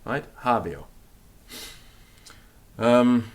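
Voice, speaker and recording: A man teaching a recorded grammar lesson, explaining and repeating words slowly so they can be drilled. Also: on the low side, expressive, fairly bright tone. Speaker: language teacher.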